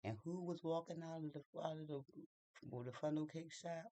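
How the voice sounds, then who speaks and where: A man telling a personal story in a casual, animated and chatty way, acting out what people said. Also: fairly high pitch, normal speed, no room sound. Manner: animated, chatty, acts out quotes. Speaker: vlogger.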